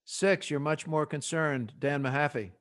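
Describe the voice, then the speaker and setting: A male podcast host with a New Jersey accent and a fairly high voice. He runs the panel in an animated, jokey way. He fires quick questions at his guests. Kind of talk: casual panel discussion.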